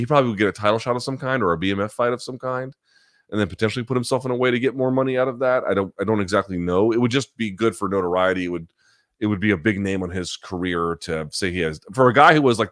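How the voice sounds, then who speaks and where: Blunt low-voiced man hosting a live chat. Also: dry recording, clean studio sound. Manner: blunt, profane, thinks aloud. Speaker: host. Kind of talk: live chat reading viewer questions.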